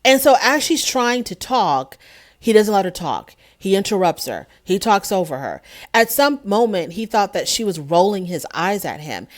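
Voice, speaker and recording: A woman hosting her own channel, recapping a reality show episode in casual, animated commentary with an indignant edge. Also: medium pitch, normal speed. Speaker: show reviewer, host.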